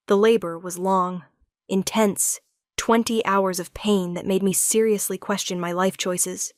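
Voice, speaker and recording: A woman narrating a first-person romance story in a steady, measured storytelling manner. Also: medium pitch, clean tone, no echo, clean studio sound.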